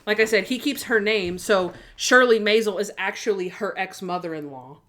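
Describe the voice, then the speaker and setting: A woman's voice: medium pitch, moderate pace. A woman co-hosting a casual podcast, eagerly retelling TV episodes and acting out the characters' lines. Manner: animated storyteller, acting out quoted lines with laughs. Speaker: podcast co-host. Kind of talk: casual chat, retelling TV scenes.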